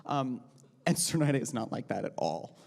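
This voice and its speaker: A man and voice actor chatting casually on a convention panel, animated and scattered, laughing often. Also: moderate pace, vocal fry. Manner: animated, high-pitched and all over the place, laughs a lot. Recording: convention hall reverb.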